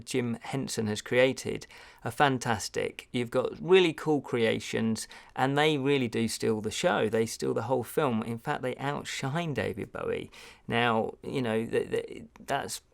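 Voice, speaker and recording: A man's voice: medium pitch, unhurried, gravelly. A man giving a casual film review, chatty and digressive with wry asides.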